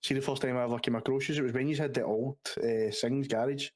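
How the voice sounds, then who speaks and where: A man's voice: medium pitch, fairly even intonation, quick pace. A man co-hosting a casual podcast, chatty and laughing.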